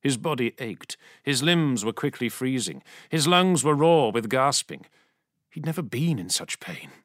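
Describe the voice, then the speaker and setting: A male audiobook narrator who reads in a dramatic, expressive way. His intonation swings widely while his pitch stays mid-range for a man. The recording is dry and close, with no room sound. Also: a little slow, no echo.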